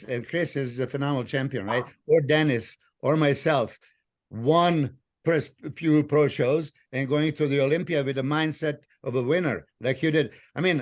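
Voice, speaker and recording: A male co-host speaking with phrasing, animated and halting with fillers. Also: medium pitch. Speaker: podcast co-host, former bodybuilder. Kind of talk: casual interview chat.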